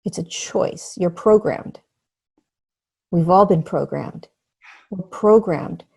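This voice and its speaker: A middle-aged woman talking as a podcast guest, earnest and animated, acting out the voices of other people. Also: fairly low pitch, takes it slowly, vocal fry, breathy edge. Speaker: podcast guest, spiritual teacher. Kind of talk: conversational interview.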